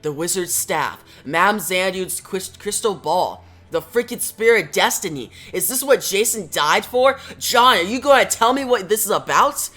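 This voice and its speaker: A man's voice: sits high, lively intonation, moderate pace, few pauses, fairly bright tone, voice pushed up. A man voicing an exasperated woman sorceress, firing pointed questions in a comic reading.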